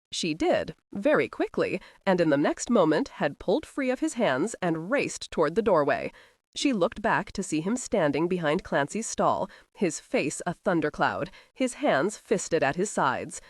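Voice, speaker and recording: Woman audiobook narrator, low-set voice, very lively inflection. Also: measured pace, no room sound, clean studio sound. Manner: expressive storytelling. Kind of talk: scripted narration.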